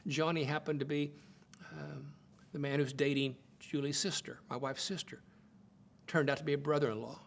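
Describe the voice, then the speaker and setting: A man's voice: moderate pace, gravelly, a little hiss or hum. An older man from the United States, giving a sermon-style talk on marriage, telling family stories and acting out the quotes, often repeating words as he starts a phrase. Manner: expressive, acts out quotes with swings in pitch and loudness. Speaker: speaker teaching on marriage.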